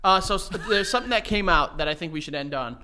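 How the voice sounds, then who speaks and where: A New York man co-hosting a podcast with a bright, forceful edge to his fairly high voice. He rants with strong opinions and casual swearing. It is loose, joking chat between friends. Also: expressive, fast talker, clear, resonant tone. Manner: ranting, profane, opinionated. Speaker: podcast co-host.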